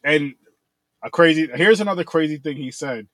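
A man's voice: fairly high pitch, moderate pace, a bit bright, low-quality recording. A man hosting a horror movie review podcast in loose, profane casual chat who laughs easily.

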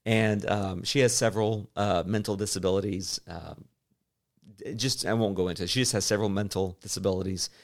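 Rambling, chatty podcast dad. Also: male voice, on the low side, fairly even intonation, a little fast. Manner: rambling, self-interrupting, laughs easily. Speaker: podcast co-host. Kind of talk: casual chat.

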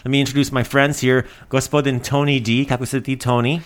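A man's voice: mid-range voice, level tone, fast, smooth. A man hosting a language-learning podcast in casual, playful chat, laughing often. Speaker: podcast host.

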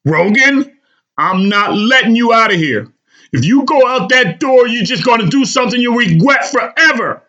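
Guy doing a desperate mom voice, high and pleading, kinda muffled recording. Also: lively intonation, normal speed, exaggerated voice. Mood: insistent pleading. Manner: high strained pleading, near shouting. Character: pleading, insistent mother, middle-aged woman.

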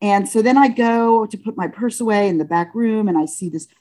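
Halting and casual, a woman shares a personal story, frequently starting over and correcting herself. She animatedly plays out the dialogue, leaping sharply up and down in pitch for each person's words.

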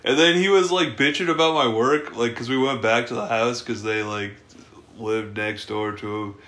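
A man's voice: mid-range voice, fairly even intonation, moderate pace, fairly bright tone. Laid-back young man in an echoey room. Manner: laid-back, laughing storyteller, swears a lot. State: tipsy from beer. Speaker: podcast co-host. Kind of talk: casual chat. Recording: roomy echo.

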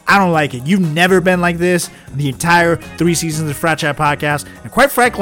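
A man's voice: on the high side, moderate pace, few pauses, pushed and bright, faint music behind. A man hosting a podcast, scolding his guest in an exasperated, outraged comedy bit. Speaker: podcast host.

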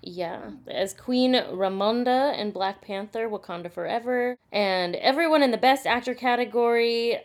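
A woman hosting a casual movie podcast, moving briskly through award facts and jokes. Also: on the high side. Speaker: podcast host.

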